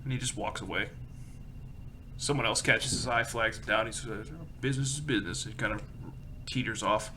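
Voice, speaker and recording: A man's voice: lowish voice, fairly even intonation, normal speed, long pauses, sharp tone, slight background noise. A man narrating a tabletop game as game master, casual and full of fillers.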